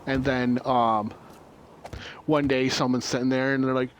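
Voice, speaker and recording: A man's voice: mid-range voice, little pitch movement, measured pace, lo-fi sound. A man casually spinning a rambling, profane story with many ums and uhs while he plays a game. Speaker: gamer.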